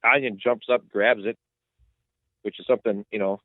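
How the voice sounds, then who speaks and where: A man co-hosting a casual sports podcast, rambling through each play and getting worked up as he tells it. His voice sits on the low side. The sound is thin and phone-like, with no room around it. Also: moderate pace, dry recording. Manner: excitable, rambling storyteller. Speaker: podcast co-host. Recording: tinny phone-like line, dry.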